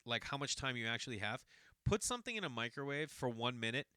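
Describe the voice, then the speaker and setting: A man's voice: medium pitch, sing-song, fast, pushed and bright, dry recording, studio quality. A man in his forties from the Boston area, hosting a podcast and telling a long personal story in a rambling, self-correcting way. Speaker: podcast host. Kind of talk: casual storytelling monologue.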